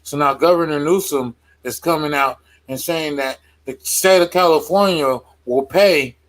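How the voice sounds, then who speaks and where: A man's voice: medium pitch, rough recording. A man co-hosting a casual talk show, laying things out patiently one step at a time. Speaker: podcast co-host. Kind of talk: casual chat.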